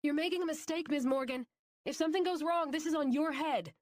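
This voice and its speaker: A woman's voice: high-pitched, lively intonation, fast talker, husky, no room sound, studio quality, pitched above the performer's own voice. A woman voicing a firm, insistent female doctor in an audiobook, speaking in a formal, pleading way. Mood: warning. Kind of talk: audiobook character voice.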